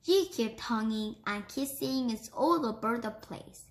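A woman reading a children's book aloud, slow and careful. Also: a little high. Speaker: book reader.

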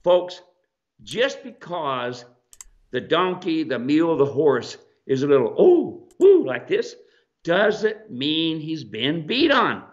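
Animated folksy man, dull lo-fi sound. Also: on the high side, takes it slowly. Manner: animated, acts out animals and people in quoted asides. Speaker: mule trainer and show host. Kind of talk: casual folksy advice.

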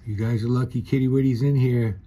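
Filming with a handheld camera, a man chats casually with his cat and teases it beside a fire at his rural mountain home. His medium-pitched voice is brisk and warm, with a steady tone.

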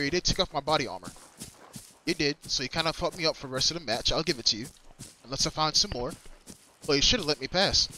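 A man's voice: fairly high pitch, sharp tone, a little hiss or hum. Guy streaming a shooter, slangy and swears a lot, repeats himself, voice jumps all over the place. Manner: slangy, profane, repeats his own phrases; talks straight to viewers and opponents. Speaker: livestreaming gamer. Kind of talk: casual gameplay commentary.

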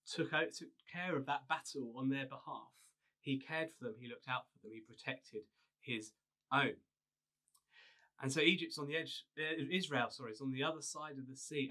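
A man pastor giving a video sermon, retelling a story in a relaxed, conversational way with frequent fillers. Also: medium pitch.

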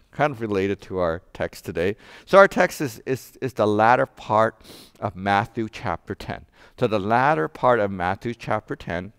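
A man preaching a sermon as pastor, telling a joke and then explaining scripture with animated rhetorical questions. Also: on the low side, no room sound, clean studio sound. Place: church sanctuary.

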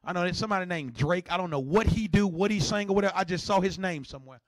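High-voiced joking male preacher. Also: fast, no echo. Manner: animated, joking, swings between shouting and hushed asides. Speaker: pastor. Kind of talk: sermon.

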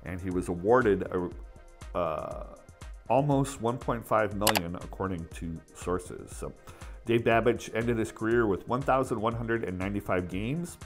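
A man's voice: on the low side, unhurried, faint music behind. Upbeat chatty male collecting host. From United States. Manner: upbeat, chatty, with frequent fillers and self-corrections. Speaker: autograph collecting channel host. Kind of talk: casual enthusiastic vlog.

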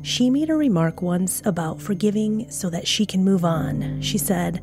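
A woman's voice: medium pitch, expressive, moderate pace. A woman hosting a true crime podcast, reading a scripted narration with frank, blunt, conversational asides. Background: music.

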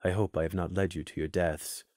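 Guy doing a deep soft-spoken stag, super polite and old-fashioned, storybook voice. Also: expressive, normal speed, dry recording, clean studio sound, lightly acted. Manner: courteous, archaic formal speech. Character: formal, polite old male stag guide.

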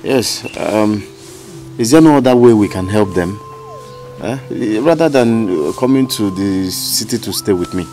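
A man's voice: lowish voice, lively intonation, a little slow, mellow. An actor with a Nigerian English accent playing an anguished businessman who stammers and repeats himself in distress, with film music behind. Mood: pleading. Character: anguished city businessman man, pleading and frantic. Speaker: Uchenna, a city businessman. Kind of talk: Nollywood film acting. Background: film score music.

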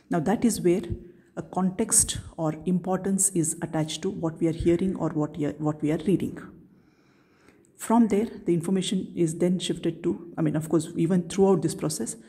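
A woman teaching anatomy in a recorded video lecture, her voice low and mellow. She explains patiently and steadily, often asking a question and then answering it herself. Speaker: neuroanatomy lecturer.

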